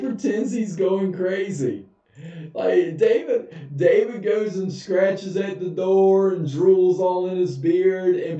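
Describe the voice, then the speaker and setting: A pastor leading a relaxed Bible study with folksy humor. His voice is mellow and a little high, captured far from the mic. The sanctuary echoes heavily and the sound is dull. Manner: folksy, humorous, chuckles often. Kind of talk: casual Bible study teaching. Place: church sanctuary.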